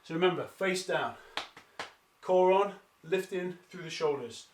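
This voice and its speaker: A man's voice: high-pitched, measured pace, slight background noise. A young man coaching a follow-along home workout, encouraging and counting down, sometimes tripping over his words. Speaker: calisthenics coach. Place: home during lockdown, exercising on the floor. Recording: echoey room.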